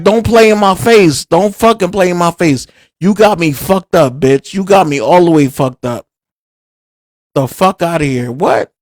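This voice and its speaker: A man ranting heatedly on a livestream, swearing a lot, repeating himself and filling pauses with "uh" and "like". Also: on the high side, dry recording, low-quality recording. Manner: angry, profane, repeats himself, many fillers. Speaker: livestream host.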